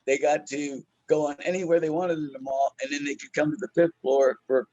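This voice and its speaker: A man's voice: fairly high pitch, steady tone, fairly quick, a little mellow, highs cut off. A man who is a stand-up comedian, telling a story in a casual, profane, slangy way and laughing often.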